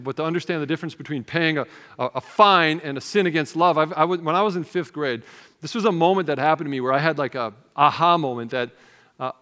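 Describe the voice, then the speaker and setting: A man's voice: a little high, pushed and bright. A man preaching a sermon, telling a childhood story in an earnest, conversational way with casual fillers. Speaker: pastor. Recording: long hall reverb.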